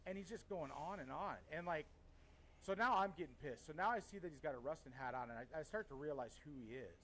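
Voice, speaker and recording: A middle-aged man from Washington State telling a story in a casual podcast chat, heated, swearing often, and animated. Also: fairly high pitch, fast talker, slight background noise, rough recording. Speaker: podcast co-host.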